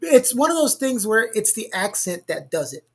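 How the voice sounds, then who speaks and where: A man's voice: sits high, very animated, normal speed, fairly bright tone, husky. A man producing and co-hosting a livestream, chatting casually in a teasing, exasperated way over a video call.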